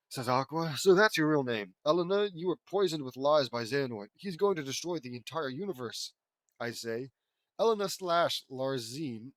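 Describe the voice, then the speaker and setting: A man's voice: mid-range voice, no room sound. A man reading fan fiction aloud, mocking the story in asides between lines and raising his voice for the quoted characters. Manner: mocking, wry commentary between read lines.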